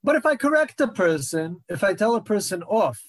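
Earnest high-voiced man teaching Torah. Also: very animated, a little fast, no echo. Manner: earnest, repeats phrases for emphasis. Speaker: rabbi teaching a class. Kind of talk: Torah lecture.

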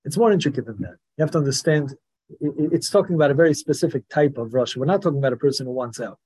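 A man teaching a Torah class in a lively lecturing manner, acting out the voices of the people he describes. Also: mid-range voice, rapid-fire, husky. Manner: animated, acts out the questioner's voice.

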